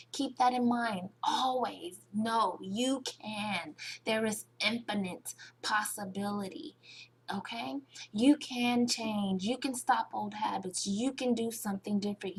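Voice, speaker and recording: A woman's voice: a little high, breathy edge. A woman giving a motivational webinar talk, emphatic, repeating key phrases and checking in with "okay?". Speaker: motivational speaker.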